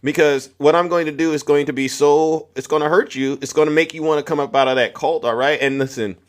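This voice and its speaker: A man's voice: fairly high pitch, steady tone, fairly quick. A man hosting a political livestream, ranting combatively and speaking straight to his viewers. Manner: combative, repetitive, addresses audience directly. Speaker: livestream host. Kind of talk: heated political livestream rant.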